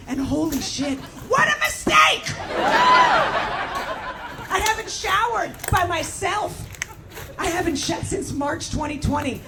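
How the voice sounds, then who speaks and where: A woman in her thirties doing stand-up, shouting with exuberant energy. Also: very high-pitched, very noisy. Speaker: stand-up comedian. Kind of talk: stand-up set.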